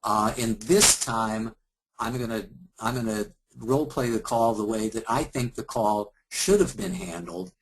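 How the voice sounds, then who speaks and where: A man from Kansas with a husky, slightly worn voice at a middle pitch. He speaks calmly and courteously, like a trainer walking a class through a support call. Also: a little slow, rough recording. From Kansas, USA. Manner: calm, apologetic and courteous. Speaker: trainer running a customer service lesson. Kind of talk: instructional talk with role-play.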